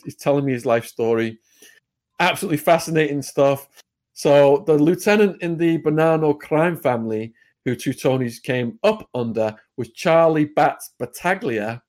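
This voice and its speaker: An English man as an interview guest, speaking at an average pitch. He retells his story briskly and vividly in a conversational tone. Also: darkish tone. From England.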